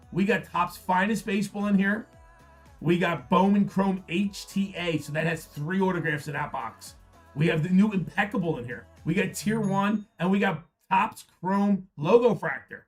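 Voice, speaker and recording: Man, live-stream host, upbeat repetitive hype, somewhat high voice. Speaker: card break host. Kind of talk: live-stream sales pitch.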